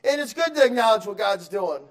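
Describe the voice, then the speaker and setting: A man preaching a sermon in a high voice. He drifts between soft, reflective stretches and loud, insistent exhortation, and he repeats words and restarts as he goes. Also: lively intonation, fairly quick. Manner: swings from quiet musing to loud emphatic exhortation; acts out excuses in quoted voices. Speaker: pastor.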